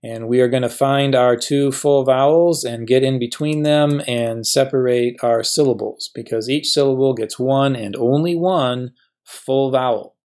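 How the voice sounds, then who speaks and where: A male professor explains a grammar lesson at a steady, even pitch. He works through each example patiently and poses questions he then answers himself. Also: a little slow. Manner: patient, asks and answers his own questions.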